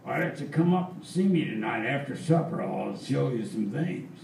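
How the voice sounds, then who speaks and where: An irritated navy captain , as a storyteller puts him on, grumbling in a low, gravelly voice. It comes through a roomy hall, picked up from a distance. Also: male voice, animated, moderate pace, a little mellow, a little hiss or hum. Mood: aggravated. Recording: roomy live hall, distant mic, faint ambience.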